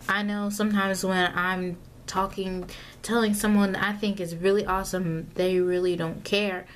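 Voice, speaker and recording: A young woman filming herself at home for a casual vlog, rambling and correcting herself, with lots of fillers and asides. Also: mid-range voice. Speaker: vlogger. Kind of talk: casual self-filmed vlog talk. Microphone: camera mic, self-filmed.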